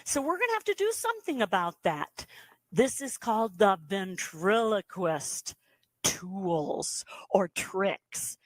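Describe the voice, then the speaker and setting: A woman's voice: medium pitch, big pitch swings, moderate pace, no echo. A woman teaching a beginners' ventriloquism workshop, patiently coaching step by step and demonstrating sounds. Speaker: ventriloquism instructor.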